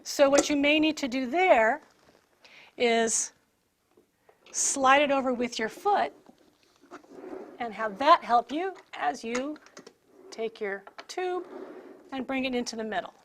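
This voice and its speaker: A woman giving a clear step-by-step equipment demonstration as an instructor, explaining while she handles the parts. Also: high-pitched, expressive, slow, pauses often. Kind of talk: product demonstration.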